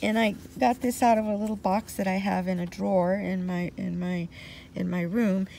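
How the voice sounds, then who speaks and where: A woman's voice: mid-range voice, fairly even intonation, moderate pace, gravelly, dark tone, slight background noise. A woman in her sixties telling a personal story in a meandering way that keeps circling back. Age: 60s. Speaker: vlogger.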